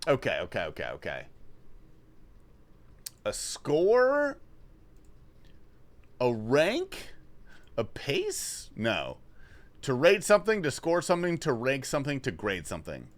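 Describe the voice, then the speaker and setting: A man's voice: mid-range voice, wildly swooping pitch, normal speed. A man thinking aloud on a casual livestream while solving a word puzzle, swearing when frustrated.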